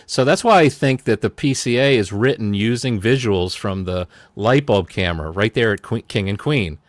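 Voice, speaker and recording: A man's voice: fairly low pitch, normal speed, dry recording. A man on a casual online panel, walking through details step by step as he makes his case.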